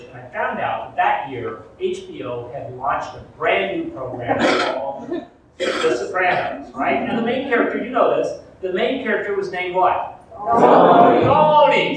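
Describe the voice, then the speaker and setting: A man from rural Arkansas telling a comic story live in a theatre, animated and shouting out the lines he quotes. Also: sits high, heavy background noise. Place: theatre stage. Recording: echoey theatre from far off.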